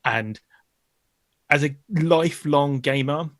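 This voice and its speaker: A man's voice: on the high side, takes it slowly, no room sound. A man co-hosting a casual podcast chat, rambling and self-mocking. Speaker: co-host.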